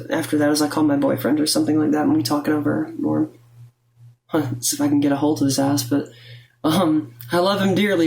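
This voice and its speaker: A young woman vlogs from home with a low, creaky, darkish voice, her throat rattling with phlegm, and there's a faint hiss or hum on the recording. She rambles bluntly and profanely in a casual, confessional talk to the camera.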